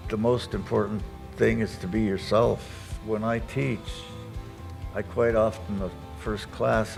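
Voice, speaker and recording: A man answering questions casually and reflectively, relaxed, with chuckles and thoughtful pauses. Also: fairly low pitch, gravelly. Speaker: award honoree.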